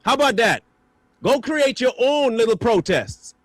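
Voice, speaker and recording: A man's voice: very high voice, expressive, measured pace, fairly bright tone, no room sound. A man hosting a stream, delivering an angry, mocking reaction rant full of insults. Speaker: stream host.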